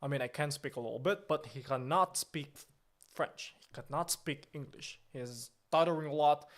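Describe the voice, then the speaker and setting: A man's voice: a little high, close to an everyday voice. A man playing a pompous, boastful, easily offended company boss on a comedic livestream, talking in an indignant, grandiose way.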